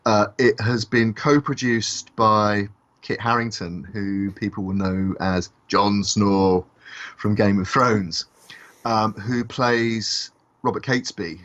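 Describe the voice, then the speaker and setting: A man co-hosting a podcast discussion, talking in a halting way with many fillers and restarts. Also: fairly low pitch, a bit bright. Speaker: podcast co-host. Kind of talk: casual discussion. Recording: dull lo-fi podcast audio.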